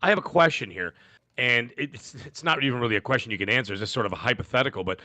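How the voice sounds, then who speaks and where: A man's voice: mid-range voice, fast, no echo. A man co-hosting a gaming podcast in casual chat, talking emphatically and drifting into tangents. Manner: animated, emphatic, goes off on tangents. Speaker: podcast co-host.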